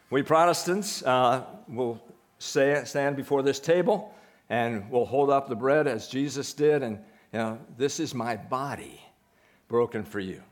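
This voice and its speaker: A male pastor preaching a sermon in a conversational way, putting questions to the congregation. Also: mid-range voice.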